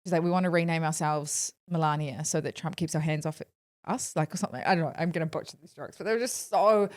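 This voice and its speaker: A woman co-hosting a podcast, chatting casually and retelling stories with plenty of "like" and quick asides. Her voice sits a little low. The sound is close and dry, with no room around it. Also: dry recording. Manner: chatty, lots of "like", retells jokes with quoted voices. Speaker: podcast co-host. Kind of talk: casual chat.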